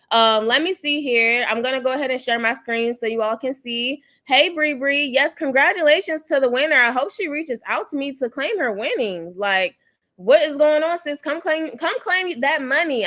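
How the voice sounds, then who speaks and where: Rambly woman on a live stream, kinda high voice, keeps saying like i said and shouting out the chat. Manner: chatty, rambling, repeats "like I said", talks to chat viewers. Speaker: YouTube channel host. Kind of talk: casual livestream celebrity gossip commentary.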